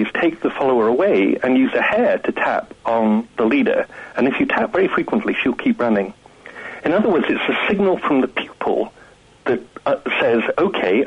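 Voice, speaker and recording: A man who is a guest scientist, explaining things calmly and with enthusiasm in a radio interview. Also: mid-range voice, slightly rough, narrow, tinny audio.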